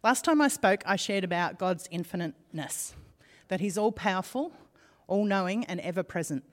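An Australian woman preaching a sermon in a large church auditorium, measured and steady as she prays and teaches. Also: medium pitch. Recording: long church hall reverb.

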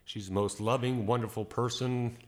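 A man giving a soft, halting spoken tribute with fillers. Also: mid-range voice, fairly even intonation. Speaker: caller sharing a tribute.

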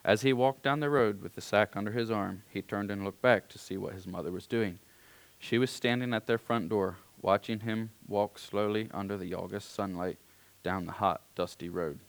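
A man reading a story aloud in a calm, unhurried way, now and then clearing his throat. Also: lowish voice.

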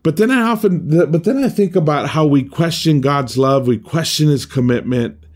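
A man's voice: a little high, lively intonation, moderate pace, a little mellow. A middle-aged man giving an earnest sermon as a pastor, often restarting and repeating words as he goes.

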